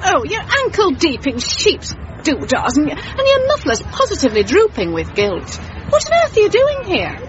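Bossy prim young wife, high swooping voice, muffled radio, crowd noise behind. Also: female voice, huge pitch swings, moderate pace. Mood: scolding. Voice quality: shrill, scolding. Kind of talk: radio comedy drama.

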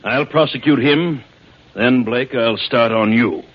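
A man's voice: medium pitch, measured pace, lightly acted. An actor playing a stern older male district attorney, hard and uncompromising, in 1940s radio acting. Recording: dull old radio broadcast with music.

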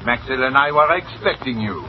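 An actor playing a volatile, scheming cafe manager in 1940s radio acting, theatrical and quick to hurl insults. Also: male voice, medium pitch, animated, lightly acted. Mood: smooth scheming. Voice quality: explosive shouted insults. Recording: muffled old radio broadcast, faint hiss.

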